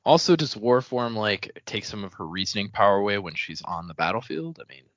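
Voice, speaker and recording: A man's voice: fairly low pitch, expressive, brisk, fairly bright tone, no echo, lo-fi sound. A man co-hosting a casual book podcast, chiming in with short questions and remarks.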